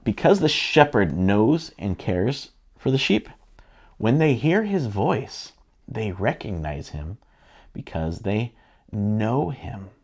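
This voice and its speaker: A man's voice: on the low side, very animated, slow, a little mellow, slightly rough. A middle-aged man, a pastor, teaching a sermon in an earnest, conversational way with frequent restarts.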